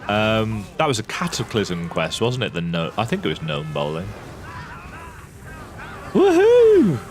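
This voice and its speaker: Lively low-voiced man commenting on gameplay. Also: moderate pace, slight background noise. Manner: chatty, thinks aloud with fillers and reads game text aloud. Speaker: video game let's-player.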